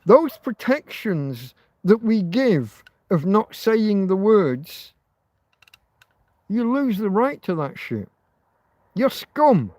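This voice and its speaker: A man's voice: high-pitched, big pitch swings, takes it slowly, a little mellow, dry recording. A man hosting a rambling livestream, ranting heatedly with plenty of swearing and restarts. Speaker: livestream host.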